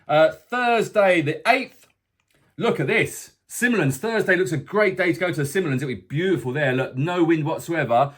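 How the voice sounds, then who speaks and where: Male host, fairly high voice, easygoing weather-update vlogger who keeps slipping in jokey asides. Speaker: boat tour company presenter. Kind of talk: casual weekly weather forecast vlog. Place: indoors, away from the tour base.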